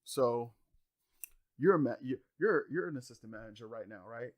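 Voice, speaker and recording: A man's voice: medium pitch, lively intonation, normal speed. Laid-back man chiming in. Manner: laid-back, reasoning, interjects agreement. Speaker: podcast co-host. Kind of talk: casual chat.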